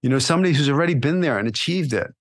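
A man hosting a podcast as an acting coach, giving motivational advice in a lively, coaching way, often tagging on "right?" and "you know". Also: a little high, very fast.

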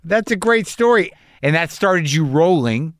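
A man hosting a casual interview, reacting to the guest with quick asides. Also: a little high, expressive, fairly bright tone, dry recording, clean studio sound. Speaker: interviewer host.

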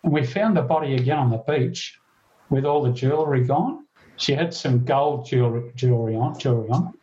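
A man tells his story in an earnest, halting way, often restarting his sentences and quoting others. His voice is mellow and dark at a middling pitch. The recording is dull and lo-fi. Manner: earnest, halting, with many restarts and quoted dialogue. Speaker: former police officer and guest. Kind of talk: recounting a story in an interview.

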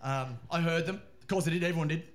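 A man, a comedian, telling a funny story in a loud, laughing, swearing riff. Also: on the high side, fast talker. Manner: animated, laughing, swearing, riffing. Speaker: comedian podcast guest. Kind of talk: comic storytelling.

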